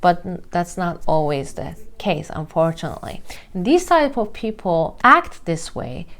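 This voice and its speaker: A woman's voice: lowish voice, expressive, unhurried, fairly bright tone. A woman hosting her own channel, earnestly explaining psychology with everyday examples. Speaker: mindset coach and channel host.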